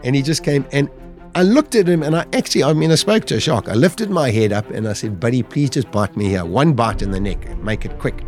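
A man's voice: medium pitch, a little mellow. Man telling a survival story. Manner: vivid retelling, acting out his own inner voice. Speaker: podcast guest. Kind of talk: dramatic personal storytelling.

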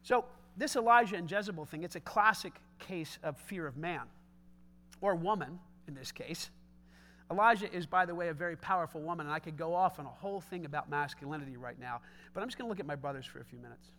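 A middle-aged man preaching a sermon in an emphatic, conversational way that rises at times into shouts. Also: fairly high pitch, fast. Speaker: pastor.

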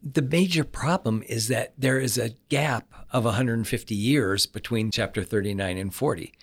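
A man's voice: medium pitch, normal speed. Chuckling scholar man explaining casually. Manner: chuckling, self-interrupting with restarts. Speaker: Old Testament scholar.

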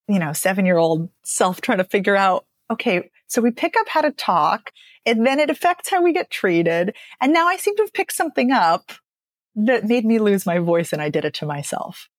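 In a lively, talkative podcast interview, a woman who coaches speech and dialect recounts how she got there, laughing frequently. Her voice is a little high, recorded at studio quality with no room sound.

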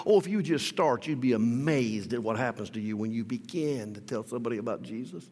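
A male pastor preaching a sermon in a church, emphatic, swinging from loud declarations to soft asides. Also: on the high side, expressive, a little fast, hardly any pauses, in a large hall.

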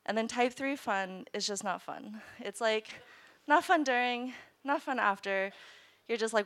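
Bright-voiced woman telling a story. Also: fairly high pitch, unhurried. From United States. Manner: lively, chatty, laughs often, many "like" fillers. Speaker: scientist storyteller. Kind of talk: live personal storytelling. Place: live stage show before an audience.

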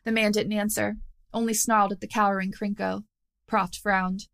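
A woman narrating a fantasy audio story in a steady storytelling manner. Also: mid-range voice, moderate pace, creaky.

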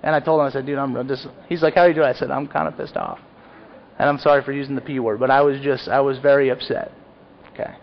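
A man's voice: mid-range voice, fairly even intonation, quick pace, creaky, a little hiss or hum. Earnest preaching man, muffled sound. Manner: earnest, confessional preaching with rising emphatic peaks. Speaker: pastor. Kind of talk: sermon. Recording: dull lo-fi sound.

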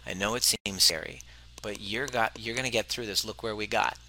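Guy on his podcast telling a coaching story, earnest, lowish voice, real bright punchy tone. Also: steady tone, brisk. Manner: earnest, acts out client dialogue. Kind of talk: personal storytelling monologue.

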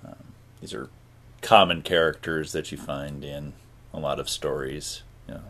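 Male interviewer, low voice, halting delivery, lots of fillers, casual. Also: fairly even intonation, pushed and bright. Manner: halting, filler-heavy, friendly prompts. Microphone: call recording.

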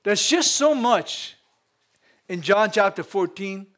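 Louisiana pastor, high-pitched male voice, lively preaching style. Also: takes it slowly. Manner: lively preaching with frequent laughs and call-outs to the congregation. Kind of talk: sermon.

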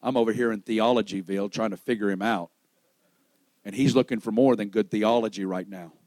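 A man preaching a sermon to a church service, swinging between loud, raised peaks and hushed, low lines and acting out the voices of the people in his story. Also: fairly even intonation, a little fast, no echo, low-quality recording. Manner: acts out quoted voices in storytelling.

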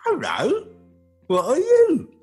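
A man voicing an excitable, nosy little male frog in a told joke, with gasping, squealing exclamations. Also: extremely high pitch, slow, creaky, faint music behind, voice pushed up, full character voice. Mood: excited.

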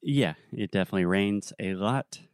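A young adult man co-hosting a podcast, telling a story in a relaxed, casual way with plenty of fillers. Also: on the low side, normal speed, clean tone, no echo, studio quality. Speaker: podcast co-host.

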